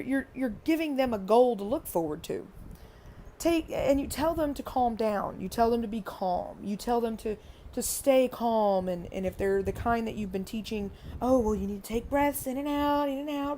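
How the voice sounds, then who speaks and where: A woman's voice: on the high side, darkish tone, slight background noise. A woman and parent giving earnest, repetitive parenting advice in a casual vlog monologue. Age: adult parent. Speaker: parenting vlogger.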